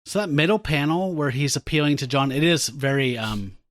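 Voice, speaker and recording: A man's voice: fairly high pitch, a little fast, fairly bright tone, no echo, studio quality. A man co-hosting a casual comic book podcast, recapping panels in a chatty way and laughing often. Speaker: podcast co-host.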